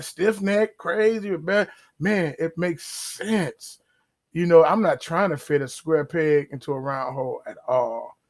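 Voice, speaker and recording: A man hosting a podcast, talking casually about faith with drawn-out emphasis and acted-out asides. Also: a little high. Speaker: podcast host. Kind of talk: casual religious commentary.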